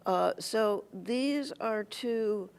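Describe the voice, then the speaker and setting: A speaker gives a prepared address to a meeting hall, picking each word slowly and carefully. The voice has a gravelly, creaky edge, and the delivery stops and restarts often. Pitch sits in an ordinary middle range. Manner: deliberate, halting, many pauses and restarts. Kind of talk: prepared public speech.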